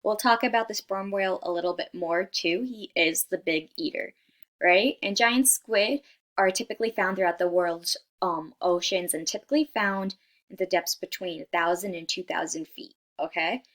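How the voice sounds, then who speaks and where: A woman's voice: lowish voice, moderate pace, fairly bright tone. A young woman presenting a class slideshow in a casual, chatty way, with many fillers and frequent "right?", apologizing as she stumbles over hard scientific words. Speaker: student presenter.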